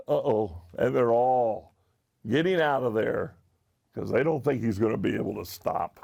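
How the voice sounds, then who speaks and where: A man's voice: mid-range voice, normal speed, gravelly, a little mellow. A man reading a picture book aloud to children, pointing out the pictures as he goes. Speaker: storyteller.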